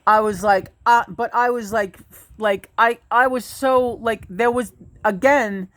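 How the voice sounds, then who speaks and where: A woman hosting her own channel, telling a spiritual story in a rambling, halting way, restarting her sentences and swearing. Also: fairly high pitch, fairly even intonation, fairly bright tone. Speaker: channel host. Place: indoors at home.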